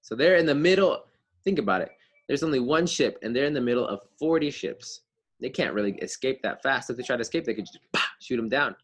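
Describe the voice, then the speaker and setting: A man's voice: mid-range voice, lively intonation, brisk. Chatty male teacher explaining a story. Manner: chatty, asks the kids questions, explains words. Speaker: fifth grade teacher. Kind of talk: reading aloud and explaining to a class.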